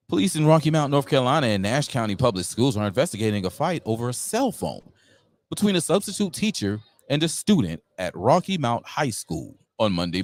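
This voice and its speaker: A man hosting a live talk show, reading news aloud and breaking in with slangy asides. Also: medium pitch. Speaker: radio show host.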